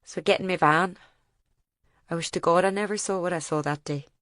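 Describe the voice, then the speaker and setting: A woman reading as a grieving older male farmer who tells of a bombing, in plain, halting dialect. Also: on the low side, steady tone, fairly bright tone, no echo, studio quality, natural voice. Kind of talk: audiobook reading.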